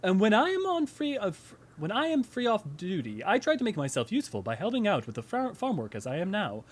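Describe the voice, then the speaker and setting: A man's voice: sits high, sing-song, brisk, voice pushed up. A man voicing an eager, helpful male camp worker in a game who chats cheerfully while handing out a task. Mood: friendly.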